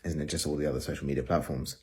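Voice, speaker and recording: Deep-voiced man making a pointed argument. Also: steady tone, rapid-fire, darkish tone. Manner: questioning, argumentative. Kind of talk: opinion talk to camera.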